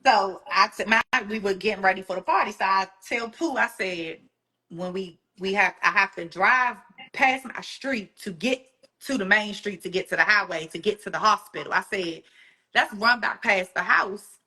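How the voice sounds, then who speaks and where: A guest with a bright, forceful voice recounts a painful personal story, telling it animatedly and slipping into the voices of people she quotes. She speaks at a medium pitch and normal speed.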